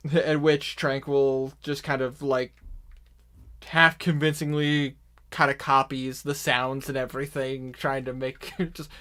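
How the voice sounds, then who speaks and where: A man's voice: mid-range voice, flat delivery, measured pace, fairly bright tone. A man narrating a tabletop game as game master, rambling with frequent restarts.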